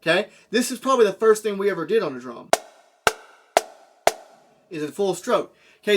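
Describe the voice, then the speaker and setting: A man teaching a drum lesson, explaining step by step and checking in with "okay?" and "right?". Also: sits high. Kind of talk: classroom lesson. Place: room with a drum. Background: drum hits.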